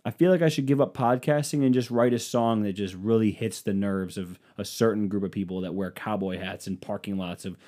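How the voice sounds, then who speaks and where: A man's voice: fairly low pitch, fairly quick, few pauses, warm tone. A man hosting a podcast, delivering a rambling, sarcastic comedic monologue with casual swearing. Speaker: podcast host.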